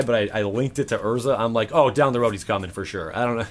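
A man hosting his own channel, opening card packs with excited, casual commentary, counting aloud and swearing freely. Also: on the low side, quick pace. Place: home room.

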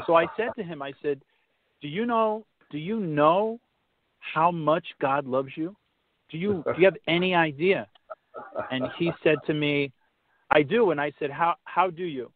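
A man on a podcast telling a faith story casually, halting and restarting, turning preachy when he quotes scripture. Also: fairly high pitch, dry recording. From Massachusetts. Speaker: podcast guest. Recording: tinny phone-line sound, dry.

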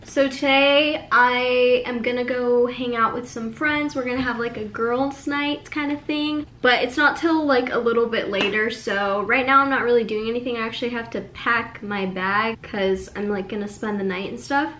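A woman's voice: a little high, fairly even intonation, moderate pace, few pauses, fairly bright tone, a little hiss or hum. A young woman talking casually to the camera in a vlog, chatty with lots of filler words. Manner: chatty, filler-heavy "like" talk. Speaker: vlogger.

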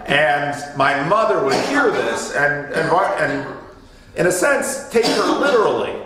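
A man with a fairly high voice leads a conversational Bible study, explaining and telling stories while he repeats the starts of his phrases. He sounds distant from the mic in an echoey church room. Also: big pitch swings, measured pace, a crowd in the background. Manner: explanatory, storytelling, restarts phrases.

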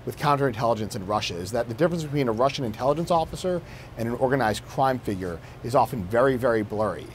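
A man's voice: mid-range voice, animated, quick pace, a little hiss or hum. A man, a national security correspondent, explaining his reporting as a news interview guest, with fillers and restarts.

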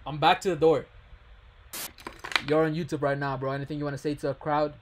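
A man's voice: a little high, level tone, fairly quick, slight background noise. A young man hosting a playful video chat with strangers, teasing and hyping them up and calling everyone bro. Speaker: host. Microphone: webcam video chat.

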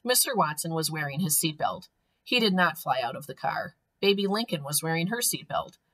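A woman's voice: deep voice, fairly quick, low-quality recording. Woman reading a children's storybook aloud. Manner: clear, expressive storytelling. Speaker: teacher.

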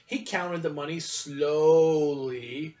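Church storyteller, a man reading a children's story with expression. High voice, picked up from a distance. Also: takes it slowly, mellow, faint music behind.

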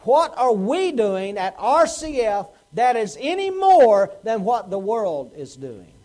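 A pastor delivers a Sunday sermon in a church sanctuary. His voice sits unusually high for a man. He presses the congregation with questions and acts out the lines of the people in his stories. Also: big pitch swings, slow pace, a little mellow, rough recording. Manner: preaching with rhetorical questions and acted quotes.

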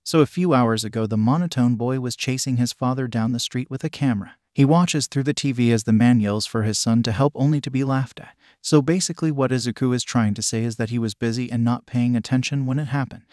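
A man narrates a fan fiction story reading in an even, steady way. His pitch sits in an ordinary middle range. The sound is dry and close, with no room echo. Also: brisk, hardly any pauses.

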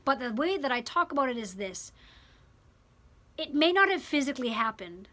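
A woman teaching a religion class in a classroom, talking in an animated, emphatic way and repeating words for effect. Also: high-pitched, normal speed. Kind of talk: classroom lecture.

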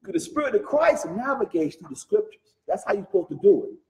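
Man, high voice, lively swooping pitch, preachy, emphatic, rhetorical questions, calls people brother. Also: brisk, roomy sound, rough recording. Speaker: Bible teacher leading the study. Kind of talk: animated religious teaching.

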